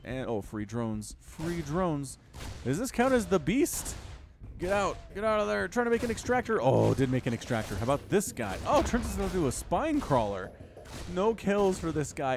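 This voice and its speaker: A man's voice: a little high, noisy background. A man giving solo play-by-play commentary on a strategy game match, chatty and rambling, with self-deprecating jokes.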